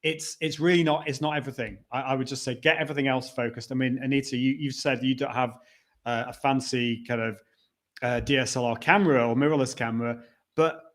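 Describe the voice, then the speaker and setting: A man's voice: medium pitch, steady tone, fairly quick. A man hosting a live video show, chatting casually from a conference venue and reading out viewer comments as he goes. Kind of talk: casual live-stream chat.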